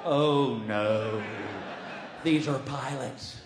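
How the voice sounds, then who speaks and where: Male comic, high swooping voice, roomy live room with crowd noise, middle-aged, animated shouting storyteller. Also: unhurried. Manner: animated, breaks into shouts and laughs at his own story. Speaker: stand-up comedian. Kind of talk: stand-up storytelling.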